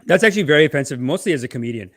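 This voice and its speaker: A man hosting a podcast, riffing sarcastically on clips in a rambling, animated way. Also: fairly high pitch, rapid-fire, dry recording, studio quality. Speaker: podcast host. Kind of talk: comedic commentary.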